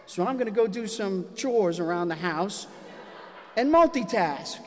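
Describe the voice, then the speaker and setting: A man telling a personal story to a live audience, animated and self-mocking. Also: sits high, unhurried. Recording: long hall reverb.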